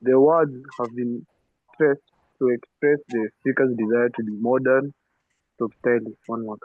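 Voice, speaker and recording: A male student haltingly reads an answer aloud over a tinny, phone-like line. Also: medium pitch, fairly even intonation, no echo.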